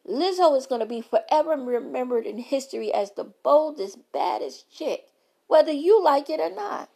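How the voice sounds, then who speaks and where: A woman's voice: high voice, creaky, dark tone. A woman hosting her own show, delivering an impassioned, repetitive rant straight to her viewers in slangy, emphatic speech. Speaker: vlogger and show host.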